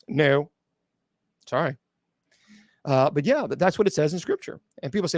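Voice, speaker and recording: A man's voice: fairly high pitch, animated, normal speed, pauses often, darkish tone, no echo. Blunt, sarcastic man with a dry close sound. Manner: blunt and sarcastic, mocking doubters in mimicked voices; many restarts and filler "uh". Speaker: radio show host and exorcist bishop. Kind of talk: live call-in show, answering chat questions.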